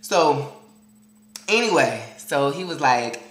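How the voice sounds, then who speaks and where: A man's voice: mid-range voice, expressive, unhurried, long pauses, fairly bright tone. Brief: man vlogger, dramatic and sassy storyteller, recorded in a roomy, echoey space. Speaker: vlogger addressing viewers. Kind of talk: casual storytelling vlog.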